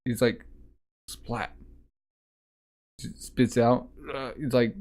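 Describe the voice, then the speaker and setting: A man's voice: medium pitch, little pitch movement, extremely slow, darkish tone. A man casually reading a manga aloud, voicing the lines and adding sound effects and asides as he goes. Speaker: manga reader.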